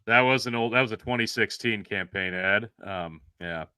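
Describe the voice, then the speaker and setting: A man with an intensely bright, sharp voice chats with easy enthusiasm and frequent laughs. The sound is dry and close, with no room to it. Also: lowish voice, moderate pace, clear, resonant tone, dry recording. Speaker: co-host. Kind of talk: casual chat.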